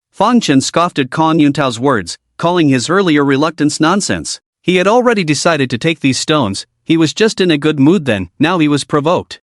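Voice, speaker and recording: A man reading a scripted story recap in a steady storytelling manner. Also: a little high, normal speed, hardly any pauses, no room sound, studio quality. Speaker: recap narrator.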